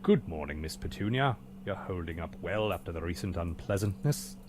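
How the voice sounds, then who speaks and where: An actor playing a weary, dry-witted butler in a game, speaking in a formally polite, deadpan way. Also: male voice, low voice, normal speed, noisy background. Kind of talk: video game voice acting.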